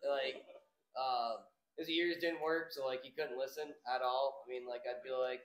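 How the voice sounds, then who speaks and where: A man working as a fishing guide, telling a casual anecdote to a club with animated, laughing asides. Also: mid-range voice, moderate pace, reverberant, poor audio. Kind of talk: casual storytelling to a club audience.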